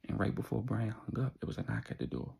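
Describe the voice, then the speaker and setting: A man's voice: lowish voice, big pitch swings, fast, gravelly, dark tone, slightly rough. A man telling a story in a casual, slangy, laid-back way, adding his own sound effects.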